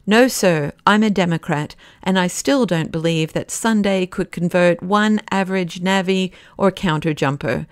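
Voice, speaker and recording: A man's voice: sits high, normal speed, hardly any pauses, clear, resonant tone, dry recording, clean studio sound. A woman reading an audiobook, voicing a hearty, impatient young male doctor in a raised voice. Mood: emphatic. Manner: blunt, boisterous and impatient.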